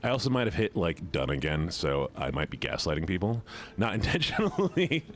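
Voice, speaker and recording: A man with an extremely low, expressive voice talks a little fast while streaming a game. He chats casually and playfully with viewers, rambling and often repeating words.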